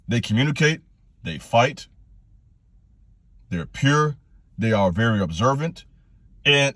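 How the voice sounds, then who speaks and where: A man's voice: dry recording, clean studio sound. A man hosting his own channel, giving a blunt, preachy motivational talk with repeated commands, his voice climbing into passionate bursts. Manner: direct, preachy, repetitive exhortations, rising to passionate pitch. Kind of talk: fired-up motivational monologue.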